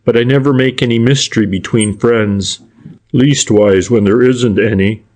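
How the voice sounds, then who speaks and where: A man's voice: fairly low pitch, darkish tone, lightly acted. A man reading as a sly, civil private detective. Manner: polite, deferential, roundabout. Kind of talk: audiobook character reading.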